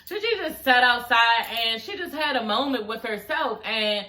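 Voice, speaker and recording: Chatty woman recapping a reality show, bright forceful voice, kinda high, blunt and swears a lot, echoey room. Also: expressive, moderate pace. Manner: chatty, blunt, swears freely, talks straight to viewers.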